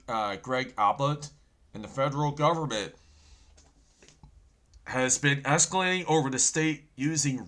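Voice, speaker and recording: A man of middling pitch who talks with a sore throat. He gives loud, excited, off-the-cuff end-times commentary, now and then yelling, and keeps calling his listeners "folks". His energy rises and drops as he stops to look something up. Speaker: host of an end-times prophecy channel. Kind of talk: excited end-times commentary while browsing news articles.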